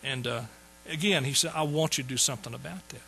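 A man's voice: medium pitch, fast talker, vocal fry, pushed and bright, a little hiss or hum, poor audio. A man in his sixties telling his conversion story in a folksy sermon, repeating phrases for emphasis. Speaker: preacher. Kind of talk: sermon testimony.

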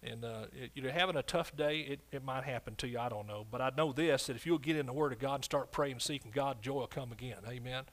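A man preaching a sermon as pastor, swinging between loud declarations and quiet asides, often calling out for an amen. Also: mid-range voice, fast talker, few pauses.

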